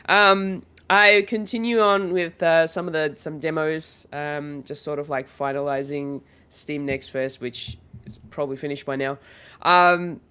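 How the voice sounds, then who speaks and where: A woman chatting on a gaming podcast, her voice congested from a cold. She talks in a smooth, resonant tone and rambles with plenty of fillers. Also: low voice, fairly bright tone. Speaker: podcast co-host. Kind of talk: casual chat.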